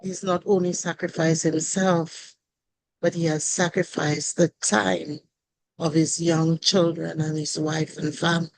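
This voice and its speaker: A hoarse woman speaks very slowly into a video call, her voice a little low and worn out. She pauses often and pours out heartfelt thanks as the panel's host. The sound is dry and close, with no room around it. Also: little pitch movement, dry recording, poor audio. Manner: slow, emotional, grateful, with pauses.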